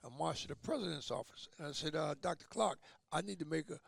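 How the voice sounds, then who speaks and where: A man's voice: a little high, fast, gravelly. An older man telling stories as an interview guest, acting out the voices of the people he quotes. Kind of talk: storytelling in conversation.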